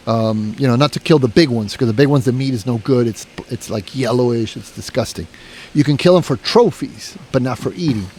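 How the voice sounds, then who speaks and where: A man's voice: medium pitch, brisk, darkish tone, slight background noise. A man telling a long story in a casual podcast chat, rambling, swearing and restarting his sentences. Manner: rambling, profane, full of "you know" and restarts.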